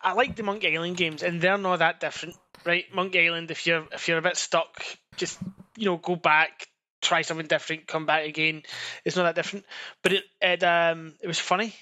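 High bright-voiced man chatting. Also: steady tone, brisk. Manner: sweary, rambling, laughs often. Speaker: podcast co-host. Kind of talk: casual chat.

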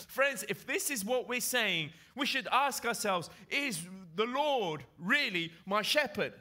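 A man's voice: sits high, lively intonation, moderate pace, hardly any pauses, sharp tone. A man preaching a sermon to his congregation, emphatic and repeating key phrases for effect.

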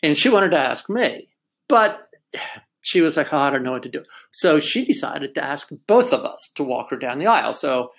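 A man's voice: fairly high pitch, sing-song, moderate pace, creaky, fairly bright tone, breathy edge. An older man in casual chat, telling a family story in a reflective way and laughing now and then.

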